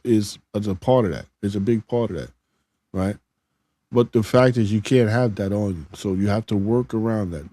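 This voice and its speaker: Reading viewer comments on a casual live stream, a middle-aged host talks plainly and conversationally, frequently starting over. His voice is mid-range and mellow, with no room sound.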